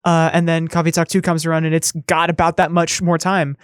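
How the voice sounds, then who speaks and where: A woman guesting on a game review podcast in casual chat, talking quickly and rambling with many fillers. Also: low voice, level tone, clear, resonant tone, no echo, studio quality.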